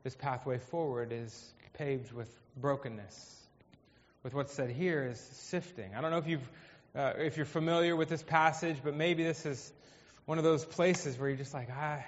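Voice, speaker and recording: A man's voice: medium pitch, steady tone, moderate pace, highs cut off. Man preaching in an echoey hall. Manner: conversational preaching, swings from hushed to emphatic. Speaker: pastor. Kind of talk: sermon. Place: church hall.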